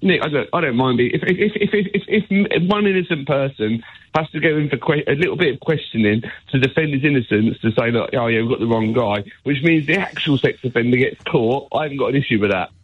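A man's voice: mid-range voice, quick pace, slightly rough, no room sound. A man calling a radio phone-in, talking eagerly and stumbling over his restarts. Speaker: caller. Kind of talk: phone-in call. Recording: muffled phone line, dry.

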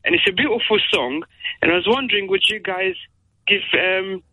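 A man's voice: high-pitched, normal speed, no room sound, phone-quality sound. A man calling a radio phone-in, eager and effusive. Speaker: caller.

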